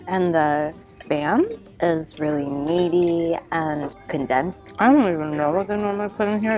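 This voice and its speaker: In a low, darkish voice, a young woman records a casual food-tasting vlog. She's enthusiastic and savoring, talking loosely and humming or murmuring between bites.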